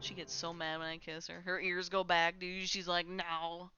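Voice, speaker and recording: A woman's voice: fairly low pitch, little pitch movement, moderate pace, sharp tone, lo-fi sound. A woman streaming live in a casual, chatty way at home, laughing often and talking to her cat. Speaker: Twitch streamer. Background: faint music from a playlist.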